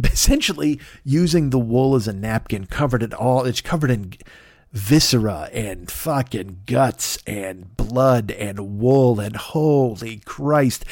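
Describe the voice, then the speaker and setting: A man telling a comic story on a podcast, rambling and swearing freely, building into loud mock-epic excitement. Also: medium pitch, dry recording, clean studio sound.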